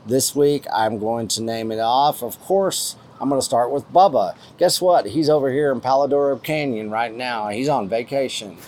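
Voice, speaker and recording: A podcast host with a West Texas accent chats in a folksy, rambling way full of fillers, reading out listener donations and thanking donors. His mid-range, darkish voice keeps a moderate pace with few pauses, over slight background noise.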